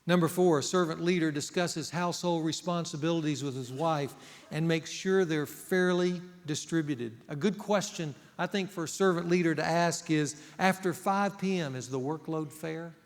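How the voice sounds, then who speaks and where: A man's voice: on the high side, moderate pace. A middle-aged male pastor preaching a sermon, earnest and emphatic, putting rhetorical questions to the congregation. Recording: long hall reverb.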